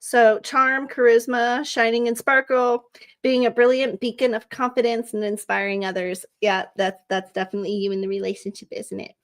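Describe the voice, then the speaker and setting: A woman's voice: a little high, level tone, moderate pace. Woman doing psychic card readings on a stream, casual and sympathetic, calls ppl honey, reads out card keywords. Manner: reads card meanings aloud in lists. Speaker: psychic reader and channel host.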